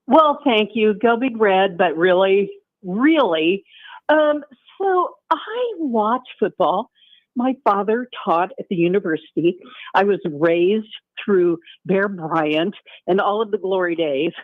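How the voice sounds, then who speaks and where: An older woman calling in to a sports radio show, venting in an exasperated, animated way. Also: mid-range voice, slow, no echo. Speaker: caller. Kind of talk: call-in radio. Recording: tinny phone line.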